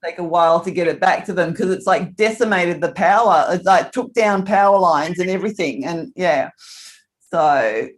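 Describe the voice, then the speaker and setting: A woman's voice: on the low side, normal speed. Chatty Australian woman leading an online class. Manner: chatty, laughs often, greets people by name. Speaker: movement class instructor. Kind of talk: friendly live online class welcome. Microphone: video call.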